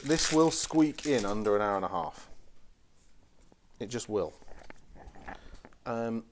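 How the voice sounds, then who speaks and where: A man's voice: fairly low pitch, lively intonation, takes it slowly, background noise. A man hosting a casual card-opening stream, chatty and teasing as he talks to the packs. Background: crinkling foil wrappers.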